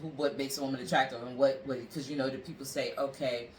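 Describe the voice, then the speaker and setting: A woman's voice: a bass voice, steady tone, quick pace. A woman giving relationship advice in a casual chat, talking bluntly and with emphasis, and often checking that the listener agrees. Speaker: relationship advisor guest. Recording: roomy, distant mic with faint background noise.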